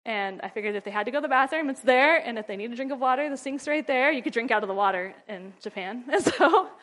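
A middle-aged woman talks through parenting advice in a loose, chatty way, breaking into laughter often. Her voice sits a little high, and she slips into a firm, scolding tone when she acts out what she tells her kids. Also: animated, fast, a bit bright. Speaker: mother and ministry wife giving parenting advice. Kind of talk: casual advice talk.

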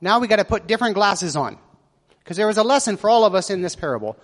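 A man's voice: high-pitched, lively intonation, quick pace, a bit bright, in a large hall. A man preaching a sermon, reading scripture aloud and asking his listeners questions as he explains it. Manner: asks the listeners questions, reads verses with voiced quotes.

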